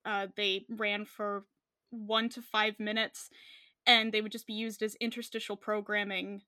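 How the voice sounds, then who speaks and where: A woman's voice: mid-range voice, little pitch movement, measured pace, bright, forceful tone, no room sound, clean studio sound. A young Canadian woman co-hosting a podcast, chatting casually with many fillers and frequent laughs. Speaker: podcast co-host. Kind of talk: casual chat.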